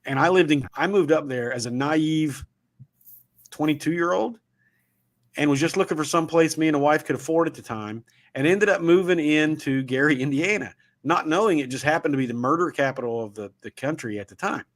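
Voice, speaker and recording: Folksy Southern Ohio man, slightly high. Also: a little fast. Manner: folksy rambling storyteller. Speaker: show host. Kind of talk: casual livestream talk.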